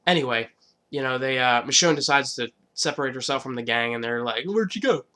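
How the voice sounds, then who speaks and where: A man with a mid-range pitch talking through a show recap off the cuff. He rambles, swears freely and leans on fillers as he goes. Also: fairly even intonation, a little fast, pushed and bright. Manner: rambling, profane, lots of fillers. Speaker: vlogger. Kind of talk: casual TV episode recap.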